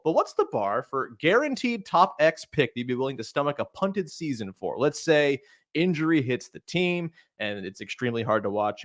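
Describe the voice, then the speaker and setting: Man, podcast host, playful and jokey, lively swings in pitch, dry close mic. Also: dry recording. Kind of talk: casual sports podcast chat.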